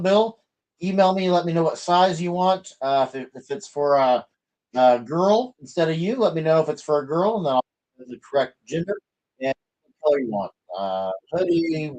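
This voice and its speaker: Chatty middle-aged man, slightly high voice. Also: a little mellow, rough recording. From American Midwest. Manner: rambling, chatty, many fillers and restarts. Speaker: livestream host. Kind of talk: casual livestream chat.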